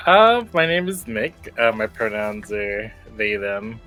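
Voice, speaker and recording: A tabletop player speaking slowly and haltingly with many fillers. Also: mid-range voice, sing-song, bright, forceful tone, soft background music. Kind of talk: casual chat around a game.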